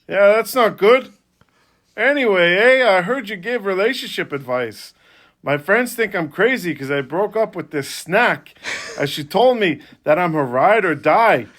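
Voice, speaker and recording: A man's voice: sits high, a bit bright. A man voicing an exaggerated, folksy Canadian guy from Toronto in a put-on Canadian accent, leaving a rambling comic voicemail. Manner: folksy, rambling, drops "eh" constantly.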